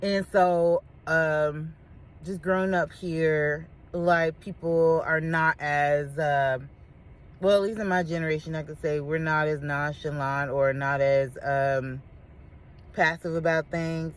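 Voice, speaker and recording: A woman's voice: low-pitched, slow, clean tone. A woman, candidly telling personal stories to the camera with slangy asides. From Chicago. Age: 30s. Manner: candid, animated storytelling with slangy asides and laughs. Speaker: vlogger. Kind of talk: casual talk to camera.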